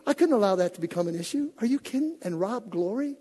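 A male pastor preaching a sermon, telling stories with animated delivery and acting out voices. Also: sits high, quick pace, in a large hall. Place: church sanctuary.

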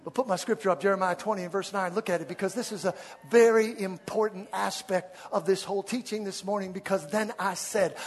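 A man's voice: high voice, steady tone, a little fast, breathy edge, long reverb tail. A man preaching a sermon in a church, with an emphatic, repetitive cadence.

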